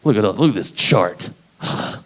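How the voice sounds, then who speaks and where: A man's voice: on the low side, animated, measured pace, pitched below the performer's own voice, rough recording. A man voicing a grudging male surgeon who sighs and complains about operating. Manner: sighing, complaining.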